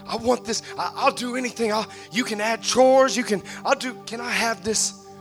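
A man's voice: very high voice, normal speed, fairly bright tone, faint music behind, voice pushed up. A man voicing a pleading five-year-old girl who stammers and begs, in a sermon story. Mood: eager. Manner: stammering, begging.

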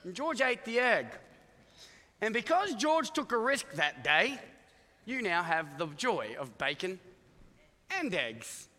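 A man's voice: high voice, takes it slowly, pauses often, long reverb tail. A man preaching a sermon to his congregation, joking and acting out characters as he tells stories. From Iowa, United States. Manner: animated, joking storyteller acting out voices. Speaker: pastor. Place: church auditorium with congregation.

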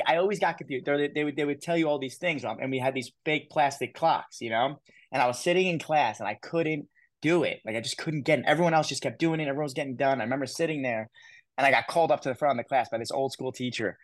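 A man in his thirties from the United States, a guest telling his life story in an interview, animated and quick to repeat words. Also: mid-range voice, no echo. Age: 30s. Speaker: guest speaker.

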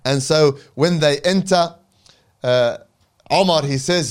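In a storytelling lecture, a male preacher with a voice slightly high for a man leads his audience through a dramatic religious story. He narrates with dramatic emphasis and pauses for reverent asides.

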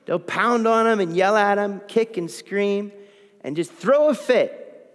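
A man's voice: high-pitched, normal speed. A man preaching a sermon to a live congregation, acting out quoted prayers and complaints as he goes. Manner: animated, acts out quoted prayers. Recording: long reverb in a hall.

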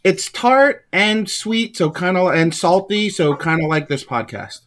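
Laid-back guy with a higher voice, chatting on a podcast. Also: expressive, a little slow, fairly bright tone. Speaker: podcast panelist. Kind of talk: casual chat.

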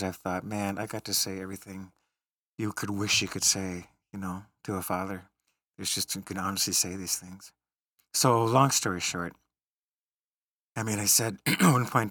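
Low-voiced man telling a tender story. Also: a bit bright, no echo, studio quality. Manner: reflective, tender storytelling, laughing at funny moments. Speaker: podcast host. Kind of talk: storytelling in casual conversation.

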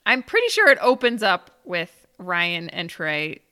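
Giggly woman, bright lively voice. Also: on the low side, measured pace, clear, resonant tone, no room sound, clean studio sound. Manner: giggly, laughs often, thinks aloud. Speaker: podcast co-host, quiz contestant. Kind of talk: casual chat.

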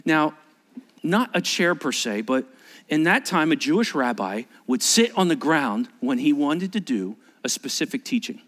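Animated preaching man in a reverberant hall. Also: a little high, normal speed. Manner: animated, acts out scenes, restarts words. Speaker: pastor. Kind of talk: sermon.

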